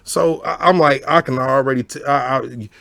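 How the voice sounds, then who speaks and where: A man telling a story in casual chat, animated and profane, laughing often and asking whether the listener gets his point. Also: mid-range voice, moderate pace, vocal fry. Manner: animated, profane, laughs often, keeps asking "you know what I'm saying". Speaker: storyteller host.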